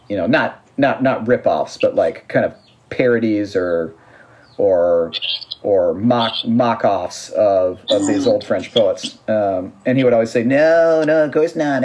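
A man's voice: on the low side, darkish tone. A man co-hosting a podcast, chatting casually about music in a rambling way, often restarting sentences and laughing. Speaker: podcast co-host.

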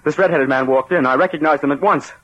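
Actor as a nervous, husky wealthy husband. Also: male voice, on the high side, fast talker, lightly acted. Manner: hesitant, defensive. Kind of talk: 1940s radio acting. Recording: muffled old radio recording.

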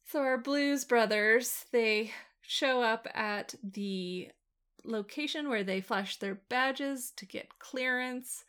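Slow-talking woman in casual chat. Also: a little high, clear, resonant tone. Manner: relaxed, rambling, laughs often. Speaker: podcast co-host. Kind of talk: casual chat about a TV show.

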